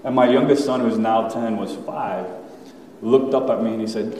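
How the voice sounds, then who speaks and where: A man in his thirties shares his personal testimony with a congregation in a candid, conversational way, slipping in fillers and quiet laughs. His voice sits low and reaches the mic from a distance. The church hall around him rings with a long, roomy reverb. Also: steady tone, moderate pace, slight background noise. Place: church sanctuary. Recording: echoey hall, voice from far off.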